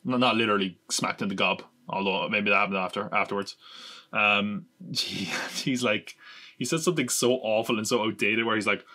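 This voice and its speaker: A man's voice: lowish voice, normal speed, pushed and bright. A man hosting a podcast in casual chat, rambling and sarcastic, with the odd swear word thrown in. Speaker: podcast host.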